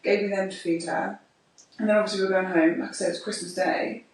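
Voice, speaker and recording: A woman co-hosting a chat show, telling stories with lively, exasperated emphasis. Her voice sits at an ordinary pitch. It is picked up from a distance in a very echoey room. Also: fast talker, a little hiss or hum. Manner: expressive, ranting storyteller. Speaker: podcast co-host, mother. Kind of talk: casual chat. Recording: echoey room, mic far off.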